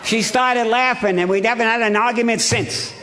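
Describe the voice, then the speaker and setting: A man's voice: extremely high pitch, fairly even intonation, moderate pace, background noise. A man in his seventies from Ohio, giving a humorous, blunt, earthy recovery talk as a speaker at a meeting in a hotel ballroom. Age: 70s.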